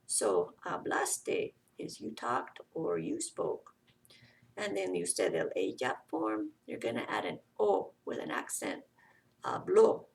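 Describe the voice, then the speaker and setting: A woman's voice: deep voice, gravelly, distant mic. A woman teaching a Spanish grammar lesson, explaining step by step and often checking in with "okay".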